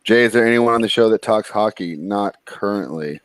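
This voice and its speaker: A man's voice: on the low side, a little fast, no room sound. A man co-hosting a casual sports betting chat, easygoing and reading viewer comments aloud. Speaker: co-host.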